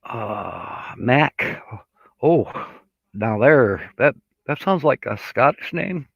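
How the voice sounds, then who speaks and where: Slow, rambling man on a live stream. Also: medium pitch, big pitch swings, vocal fry, husky, dry recording. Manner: rambling, chatty, reads viewer comments aloud; slow, easygoing delivery with many fillers. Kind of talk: casual live stream chat. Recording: dull lo-fi sound, dry room.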